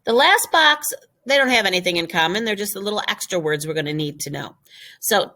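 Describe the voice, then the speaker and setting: A woman teaching a recorded French lesson, jumping up high to model phrases and reading each one out. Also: animated, brisk, bright, forceful tone.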